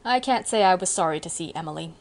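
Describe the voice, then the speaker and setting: A woman's voice: on the low side, lively intonation, fast. A woman voicing a grumbling, sheepish older male farmer in an audiobook, talking in a rueful, folksy way.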